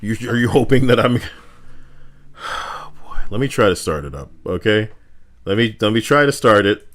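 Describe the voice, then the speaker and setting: Animated man streamer, lively pitch. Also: moderate pace. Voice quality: swearing often. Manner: animated, swings from loud outbursts to muttering. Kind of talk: casual live-stream chat.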